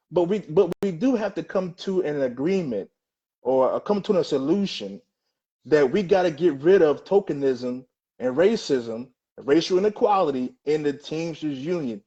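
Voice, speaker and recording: A man hosting a talk show, telling a story in a halting way with frequent restarts and fillers. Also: on the high side, animated, mellow, breathy edge. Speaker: host. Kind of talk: casual talk-show conversation. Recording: dull lo-fi sound.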